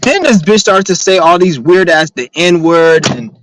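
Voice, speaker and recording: Guy ranting on his livestream, swears a lot, rambles, kinda high voice. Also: lively intonation, normal speed, dry recording, rough recording. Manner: profane, rambling, heavy on filler words. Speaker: streamer. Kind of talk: casual livestream rant.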